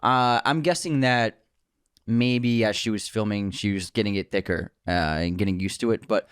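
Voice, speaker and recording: A man's voice: lowish voice, normal speed, smooth, no room sound, clean studio sound. A man co-hosting a podcast in casual chat, agreeable, running the segments and handing out scores. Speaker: podcast co-host.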